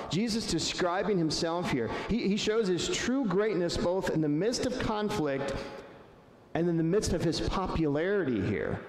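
A man preaching a sermon as pastor, conversational and earnest, slowing down to stress quoted words. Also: high voice, animated. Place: church sanctuary. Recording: echoey hall, faint room ambience.

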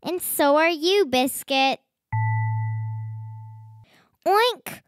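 Woman, storybook reader; high voice, very slow unhurried delivery, dry close mic. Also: big pitch swings, dry recording. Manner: gentle, sing-song read-aloud voice. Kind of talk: reading a children's picture book aloud.

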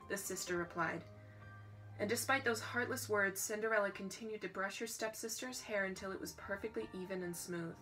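A woman's voice: mid-range voice, a little fast, sharp tone, faint music behind, rough recording. Woman reading a storybook with joking asides. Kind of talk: casual storybook read-aloud.

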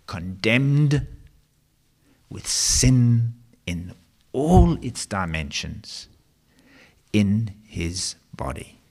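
A male pastor delivers a sermon at a very slow pace. His pitch swings widely, and he uses long, dramatic pauses and rhetorical questions. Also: darkish tone.

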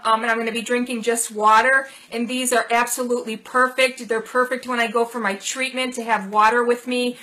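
A woman's voice: fairly high pitch, flat delivery, a little fast, hardly any pauses, rough recording. A middle-aged woman hosting a casual vlog, opening gifts and thanking viewers with gushing delight. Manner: gushing, warm thanks over small gifts. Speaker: channel host. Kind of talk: casual gift-unboxing vlog.

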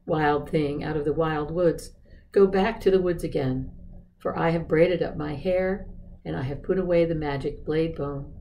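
A reader voicing a wise, proud cave woman who speaks firmly, in measured storybook style. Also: mid-range voice, fairly even intonation, warm tone, slight background noise, lightly acted, rough recording. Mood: dismissive. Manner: firm, measured storybook reading.

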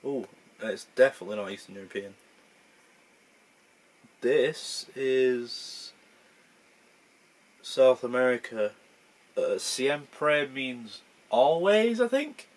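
A man's voice: mid-range voice, lively intonation, slow, pauses often. A young man thinking aloud in casual gameplay commentary, rambling and poking fun at himself. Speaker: gaming channel host.

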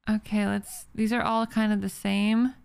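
A woman's voice: mid-range voice, little pitch movement, measured pace, gravelly, a little mellow, clear, resonant tone. A young woman streaming a video game, reacting emotionally and thinking aloud as she plays. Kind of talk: live gameplay commentary.

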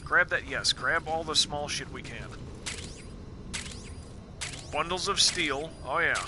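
A man's voice: on the high side, slow pace, pauses often, background noise. A man streaming a video game live, chatting casually as he plays, joking and swearing while thinking aloud. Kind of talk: casual let's play commentary. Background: game music.

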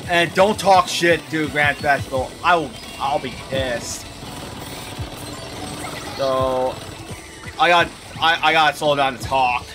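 Raging, high-voiced young man gamer. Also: takes it slowly, long pauses, music in the background. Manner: loud, cursing, raging trash talk. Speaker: gaming streamer. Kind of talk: gameplay commentary.

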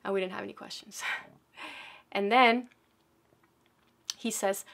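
A woman's voice: mid-range voice, fairly even intonation, unhurried, creaky. Woman telling a dramatic personal story. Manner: dramatic, swings from loud reenacted shouts to hushed near-whispers.

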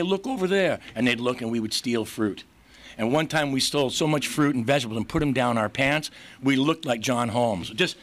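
A man's voice: medium pitch, fairly bright tone. A middle-aged man speaking at a recovery meeting, candid and self-mocking, telling his life story and laughing often. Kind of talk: personal story talk. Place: meeting hall.

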